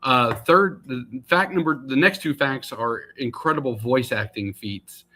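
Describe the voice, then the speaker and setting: A man's voice: mid-range voice, measured pace, pushed and bright. A man in casual podcast chat, quizzing the host with trivia facts.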